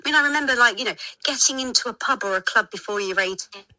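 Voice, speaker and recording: A woman's voice: fairly high pitch, fast talker, bright, forceful tone, dry recording, low-quality recording. A chatty woman in her forties, a pop singer guest on a radio show, rambling and laughing as she talks. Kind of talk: casual phone interview.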